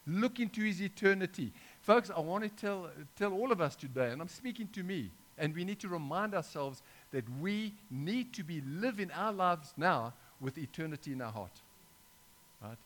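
A man's voice: sits high, animated, normal speed, fairly bright tone. A middle-aged man preaching an informal sermon, talking conversationally with frequent restarts and asides to his listeners.

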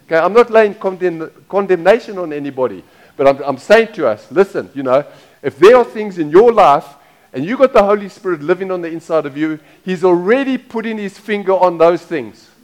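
A man's voice: high voice, animated, a little fast. A middle-aged man preaching a sermon as pastor, talking casually, repeating phrases and asking the congregation questions.

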